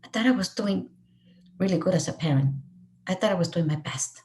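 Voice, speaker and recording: A woman's voice: fairly low pitch, a little fast, a little mellow, slight background noise. A middle-aged woman raised in Mexico telling a personal story of loss to a student audience, earnest and emotional. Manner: earnest, emotional, voice rising and falling with feeling. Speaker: speaker sharing her story.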